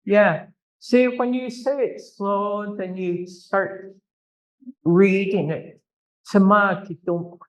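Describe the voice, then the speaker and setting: Very slow-speaking language teacher drilling words. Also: mid-range voice, steady tone. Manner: drills words by repetition, patiently corrects pronunciation; teasing, good-humoured with students. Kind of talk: classroom pronunciation lesson. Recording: dull lo-fi classroom recording.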